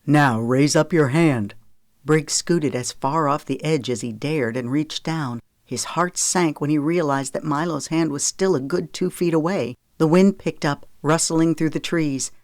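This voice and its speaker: A narrator reading a novel in a steady, measured voice at an even, middle pitch. The recording is close and dry, with no room sound. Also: dry recording. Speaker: audiobook narrator. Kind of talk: scripted narration of a romance novel.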